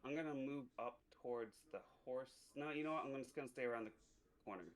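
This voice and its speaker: A man's voice: medium pitch, quick pace. A man playing a tabletop game, playful and laughing, changing his mind mid-sentence. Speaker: player. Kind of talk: casual tabletop play.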